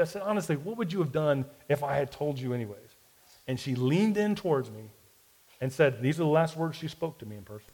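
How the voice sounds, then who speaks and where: A man's voice: on the high side, moderate pace, poor audio. A man in his forties telling a self-deprecating personal story in a sermon-style podcast, with a Southern US accent. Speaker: pastor.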